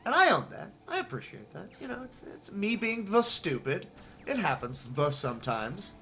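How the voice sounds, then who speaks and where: A man with a high voice narrates his own speedrun live, excitable and poking fun at himself while chatting with viewers as he plays.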